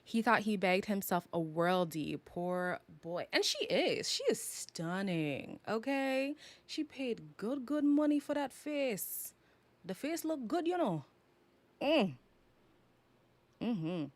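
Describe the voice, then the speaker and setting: A woman's voice: medium pitch, expressive, takes it slowly. A young woman from Canada reviewing a reality show on a live stream in a sassy, dramatic, teasing way, often laughing. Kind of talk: casual live review chat.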